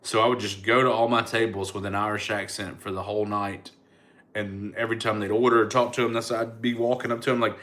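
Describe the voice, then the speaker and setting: Laid-back comedian, lowish voice. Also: male voice, little pitch movement, quick pace, a bit bright. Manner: laid-back, chatty, thanks viewers by name. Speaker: comedian hosting a livestream. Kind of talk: casual livestream chat, answering comments.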